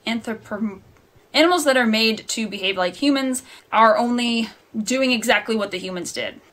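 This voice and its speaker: A woman's voice: fairly high pitch, moderate pace, a bit bright. A young adult woman chatting to camera in a casual book review vlog, rambling and laughing at her own slips. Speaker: book vlogger.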